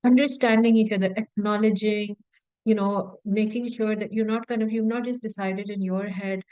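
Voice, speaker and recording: A woman's voice: mid-range voice, fairly even intonation, normal speed, clear, resonant tone, dry recording, lo-fi sound. A woman teaching as a medical exam tutor in a conversational way, repeating words for emphasis and often saying "you know". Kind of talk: informal teaching talk.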